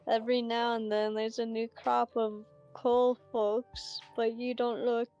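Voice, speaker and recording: A woman reading out the lines of a friendly small-town young woman in a game, speaking in a slow, gentle, neighborly way. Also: a little high, level tone, smooth, dull audio, faint music behind. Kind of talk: reading game dialogue aloud.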